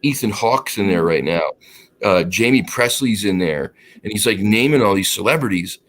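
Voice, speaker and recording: A man chatting casually on a podcast, telling an anecdote and acting out the dialogue with lively quoted voices. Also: on the low side, normal speed, slight background noise. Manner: animated, acts out quoted dialogue; laughs while telling the story. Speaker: podcast co-host. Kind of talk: casual storytelling chat.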